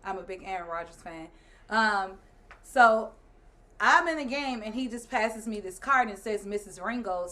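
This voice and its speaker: A woman in her thirties, guest on the show and the host's wife, tells a story in casual chat, laughing and animated as she acts out other people's lines. Her voice is medium in pitch and her speed normal.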